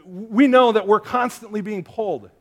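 Higher-voiced man preaching conversationally. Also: moderate pace. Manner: conversational, chatty with fillers and asides; tells family stories with humor. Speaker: pastor. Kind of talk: sermon.

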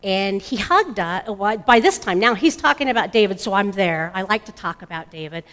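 A middle-aged mother giving an emotional personal testimony, halting and restarting often. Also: medium pitch, lively intonation, fairly bright tone. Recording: long hall reverb.

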